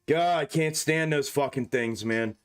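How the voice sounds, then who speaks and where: A man's voice: a little high, a little slow, smooth. Profane rambling male live streamer. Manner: loose and profane, rambling with heavy slang. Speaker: stock market live streamer. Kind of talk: casual live-stream chat.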